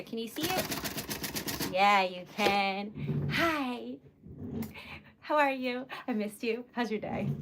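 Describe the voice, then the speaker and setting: A woman's voice: medium pitch, noisy background. A young woman hosting a casual livestream, chatty and giggly, often laughing and apologizing. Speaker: typewriter shop owner and stream host.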